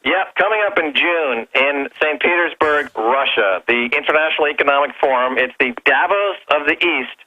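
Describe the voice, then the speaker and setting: A man's voice: on the high side, normal speed, few pauses. A man calling in as a guest on a talk radio show, brash and provocative, on a phone line. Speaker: guest commentator. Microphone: telephone.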